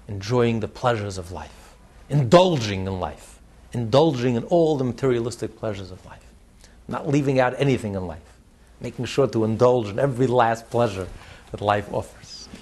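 A man's voice: mid-range voice, breathy edge. A man teaching on a religious text, repeating his words and telling stories with frequent laughter. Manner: repeats words, laughs often, lively storyteller.

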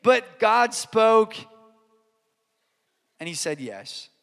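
A man's voice: sits high, very animated, extremely slow, vocal fry, fairly bright tone, clear, resonant tone, long reverb tail, soft background music. A man preaching a sermon, earnest and emphatic, repeating key lines and telling stories. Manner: earnest, emphatic repetition, storytelling. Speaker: pastor.

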